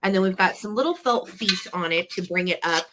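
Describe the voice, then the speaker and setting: A woman's voice: fairly low pitch, a little fast, noisy background. A woman co-hosting a live vintage sale, chatty and playful as she describes items in detail. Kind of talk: live-stream auction chat.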